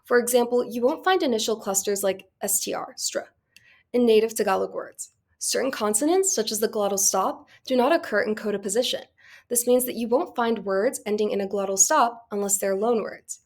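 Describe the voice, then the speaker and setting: A young woman, a student presenter, reading a prepared class presentation at a steady pace. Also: on the high side, brisk. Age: young adult.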